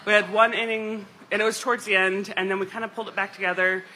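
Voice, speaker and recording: A team player giving a relaxed recap of a kickball game on a casual podcast. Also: mid-range voice, fast talker, slight background noise, poor audio. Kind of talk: casual chat.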